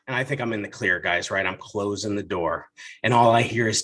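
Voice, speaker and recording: A man's voice: fairly low pitch, brisk. A man in his thirties performing a stand-up comedy set, animatedly telling stories and acting out his family's lines. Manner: animated storytelling, acts out family dialogue.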